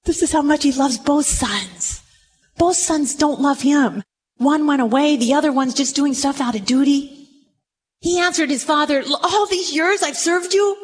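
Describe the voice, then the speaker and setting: A woman preaching a sermon to a gathered group, telling the story with dramatic emphasis and dropping low for asides. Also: normal speed, long reverb tail. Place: church or meeting room with a group.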